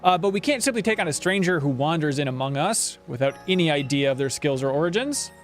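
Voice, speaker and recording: A man's voice: on the high side, expressive, fast, faint music behind, lightly acted. A man reading the lines of a stern, commanding female captain in a curt, formal way.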